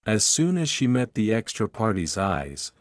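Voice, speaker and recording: A man narrating a fan-written story in an even, unhurried read. His voice sits low and is recorded close and dry, with no room sound around it. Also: dry recording. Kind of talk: scripted fan-fiction narration.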